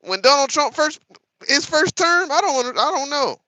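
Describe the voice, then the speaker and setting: A man in his thirties hosts a casual live-stream commentary. He talks straight to his chat and laughs often. His voice is high, lively and very bright, with a dry, close sound. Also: moderate pace, no echo. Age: 30s. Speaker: host.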